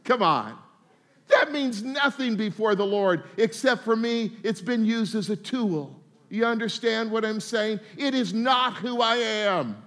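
A pastor preaching a sermon, folksy and humorous, sometimes slipping into quick mock voices of his listeners. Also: sits high, expressive, a bit bright.

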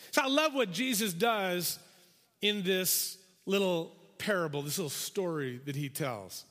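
High-voiced preacher in a reverberant hall. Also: male voice, a little slow. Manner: animated storytelling, acts out characters' voices. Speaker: pastor. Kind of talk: sermon. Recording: long reverb of a large hall.

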